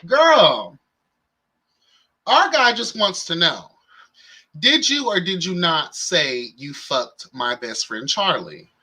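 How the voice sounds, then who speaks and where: A man's voice: a little high, slow pace, pauses often, husky, poor audio. A young man hosting a live reality show recap in casual, campy commentary, with sass, slang. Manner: sassy, campy, animated with slang and exclamations.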